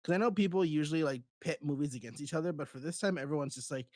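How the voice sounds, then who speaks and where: A man co-hosting a podcast in casual chat, joking and dropping into quick impressions. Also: on the high side, a little mellow, no echo, studio quality. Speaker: podcast co-host.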